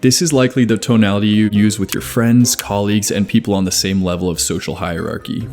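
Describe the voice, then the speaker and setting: A man narrating a scripted video essay in a measured, even explanatory way. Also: fairly low pitch. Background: faint background music.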